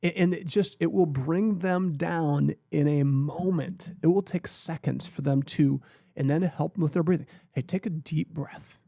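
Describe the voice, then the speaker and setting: A man's voice: on the high side, fairly even intonation, moderate pace, vocal fry, dark tone, dry recording, clean studio sound. A man co-hosting a podcast, talking earnestly and emphatically in a coaching tone.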